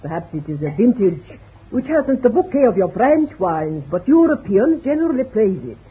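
Proud old corsican mom, super husky, swoopy pitch, tinny old radio. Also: female voice, very animated, moderate pace. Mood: gracious. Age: older. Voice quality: husky, grave and formal. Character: proud, secretive older Corsican mother, intense. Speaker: mother of the household. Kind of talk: 1940s radio acting.

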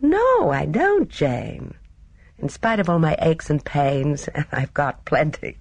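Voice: mid-range voice, very animated, takes it slowly, dry recording, full character voice. A reader voicing a sweet-voiced, affectionate elderly lady in an audiobook. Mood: fond, gently pleading. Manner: gentle, soft-spoken, breathy laughing lilt. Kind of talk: audiobook character reading.

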